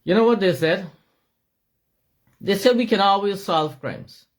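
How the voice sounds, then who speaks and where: A middle-aged Guyanese man with a Guyanese accent, giving an impassioned, shouting monologue with emphatic repetition. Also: high-pitched, animated, a little slow.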